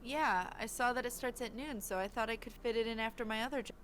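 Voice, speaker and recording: A woman's voice: on the high side, fast, a bit bright, lightly acted. A woman voicing an earnest, hardworking young male bird in a game voiceover.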